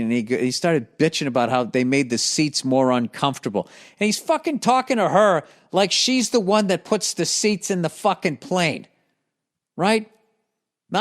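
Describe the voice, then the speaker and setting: A middle-aged man hosting a comedy podcast, telling a rambling, profane story that works up into heated ranting. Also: on the high side. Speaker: podcast host.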